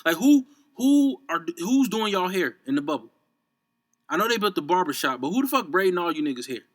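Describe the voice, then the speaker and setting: A man's voice: sits high, big pitch swings, fast talker, a bit bright. A young man from Chicago hosting a podcast, ranting about sports in a heated, profane way and repeating himself. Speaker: podcast host. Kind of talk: unscripted sports rant.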